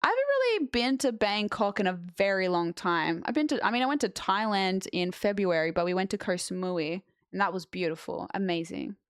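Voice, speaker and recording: A woman's voice: mid-range voice, lively intonation, a little fast, few pauses, clean tone, no echo, clean studio sound. A young woman streaming, chatting bluntly and jokingly with her live chat and reading messages aloud. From Australia.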